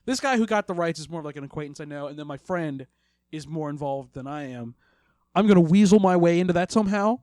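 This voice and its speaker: A young man from Maryland with a fairly high voice, co-hosting a loose, profane podcast chat. He laughs a lot and jumps between stories. The sound is dry, with no room echo. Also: lively intonation, fast talker, darkish tone. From Maryland, USA. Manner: laughs often, profane, joking. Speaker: podcast co-host. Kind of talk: casual chat.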